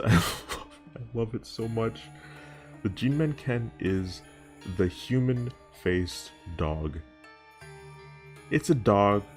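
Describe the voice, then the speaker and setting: Deep-voiced man rambling casually. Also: a little mellow. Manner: rambling, casual, profane, self-interrupting. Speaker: youtuber. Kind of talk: casual video commentary.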